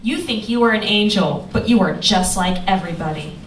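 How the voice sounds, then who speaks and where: A woman's voice: mid-range voice, brisk, natural voice. A woman playing an unfaithful, defiant young woman at a live script reading, with a mocking, theatrical delivery. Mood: scornful. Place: live stage in an event venue. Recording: echoey room, distant mic, background noise.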